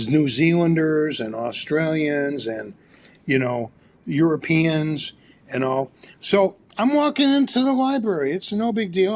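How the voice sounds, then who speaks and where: A psychologist and author, a man, telling an animated anecdote as a podcast guest, with frequent restarts. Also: on the high side. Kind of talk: storytelling in a podcast interview.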